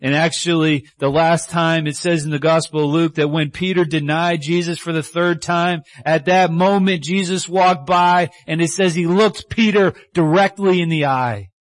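A male preacher delivering a sermon with animated storytelling, dropping to a hushed tone for tender lines. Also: on the high side, normal speed, hardly any pauses, no room sound.

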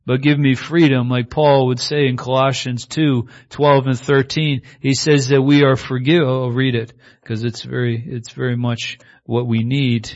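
A man's voice: mid-range voice, level tone, a little slow, hardly any pauses, muffled recording. A man preaching a sermon in a conversational way, often asking his listeners "right?".

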